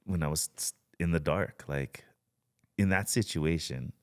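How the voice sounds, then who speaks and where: A man, a guest on a podcast, speaking in a relaxed storytelling way with a lot of "you know" and "like.". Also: a bass voice, measured pace. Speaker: guest, spearfisher. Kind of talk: casual podcast conversation.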